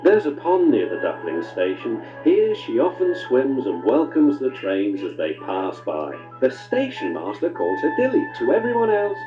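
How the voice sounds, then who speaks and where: A man narrating a children's story with expressive, swooping delivery. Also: moderate pace, hardly any pauses, muffled recording, over music. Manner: warm, expressive storytelling with big pitch swings.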